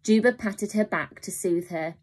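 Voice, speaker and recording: A woman teacher reading a children's novel aloud in a calm, steady way. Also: mid-range voice, normal speed, husky. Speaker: primary school teacher.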